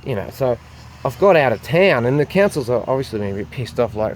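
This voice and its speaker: A man's voice: mid-range voice, sing-song, brisk, slight background noise. An Australian man telling a long, rambling story straight to camera, swearing freely and acting out what other people said. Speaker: street performer with a goat.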